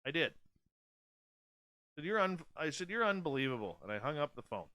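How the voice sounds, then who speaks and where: Blunt, slow-talking radio host in his forties. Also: fairly high pitch, sing-song, pushed and bright, no room sound. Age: 40s. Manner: blunt, candid and profane, with many restarts. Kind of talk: casual late-night radio monologue.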